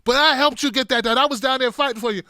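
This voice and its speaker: A man's voice: high-pitched, brisk, creaky, fairly bright tone, clear, resonant tone, no room sound, studio quality. Man doing a stammering old politician. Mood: angry. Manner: stammering, filler-heavy rambling. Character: impression of a flustered older male politician, stammering.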